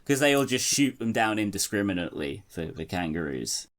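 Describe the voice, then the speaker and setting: A man's voice: fairly low pitch, big pitch swings, fairly quick. A man hosting a comedy podcast in casual chat, rambling, swearing and laughing often. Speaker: podcast host.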